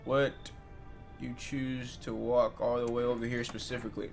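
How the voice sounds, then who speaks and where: A man's voice: mid-range voice, level tone, normal speed, vocal fry, darkish tone, faint music behind. Young man streaming a game casually. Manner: casual slangy banter addressing chat. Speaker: gaming streamer. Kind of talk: casual let's-play commentary.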